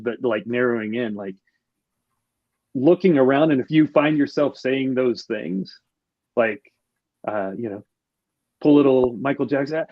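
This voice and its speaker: A male podcast guest talks casually and reflectively in conversation, speaking haltingly and restarting his sentences often. His voice is mid-range, and the recording is dry and dull-sounding.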